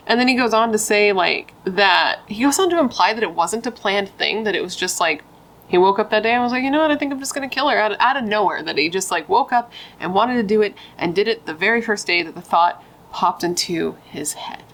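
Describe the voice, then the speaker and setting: A woman's voice: medium pitch, a little fast, fairly bright tone, poor audio. A young woman telling a true crime story in a casual, blunt way, chatting and swearing with rambling asides.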